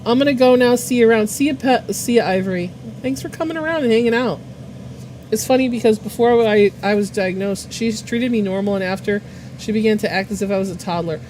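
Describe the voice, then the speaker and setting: A woman's voice: a little high, fairly quick, darkish tone, slight background noise. A woman casually chatting on her art livestream, rambling with lots of fillers, swearing and laughing. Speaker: art streamer.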